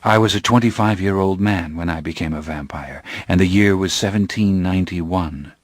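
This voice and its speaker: A calm vampire of great age tells his story. His voice sits very low and speaks gravely, without haste. The recording is dry and close. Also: no echo. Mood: brooding. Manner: measured, grave and unhurried. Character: calm, brooding centuries-old male vampire. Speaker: narrator.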